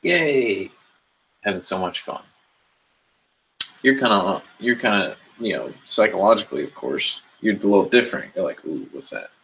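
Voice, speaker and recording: A man's voice: on the low side, lively intonation, moderate pace, creaky, fairly bright tone, slight background noise, low-quality recording. A man giving a rambling, earnest motivational monologue about inner growth, swearing casually as he talks. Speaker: spiritual self-help speaker.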